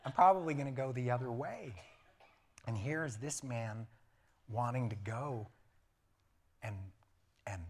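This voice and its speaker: A pastor preaching a lively sermon in church, animated and laughing, often acting out voices. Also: male voice, mid-range voice, a little slow, long pauses.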